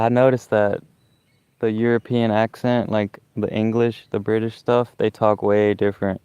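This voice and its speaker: A man with a Southern US accent chatting casually on a livestream, talking slowly around a stammer. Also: lowish voice, a little mellow, clean tone, dry recording. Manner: stammer, slow careful breathing; chatty, rambling. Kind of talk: casual live chat.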